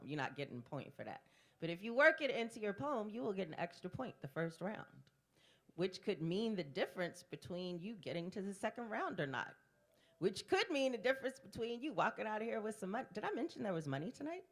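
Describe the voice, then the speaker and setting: Woman slam emcee, brash and profane, lively pitch, teases the crowd. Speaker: poetry slam host. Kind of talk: live emcee banter. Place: live poetry venue in a bar.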